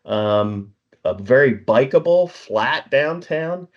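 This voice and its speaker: A man's voice: medium pitch, lively intonation, slow. Middle-aged man telling rambling stories. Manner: rambling storyteller, chuckles often, acts out dialogue. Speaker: podcast co-host. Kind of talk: casual chat. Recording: slightly dull lo-fi recording.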